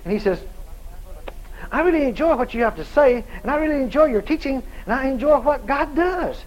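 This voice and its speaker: A man preaching, telling a story with lively dialogue and loud shouted prayers. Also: extremely high pitch, fairly quick, rough recording. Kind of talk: sermon storytelling.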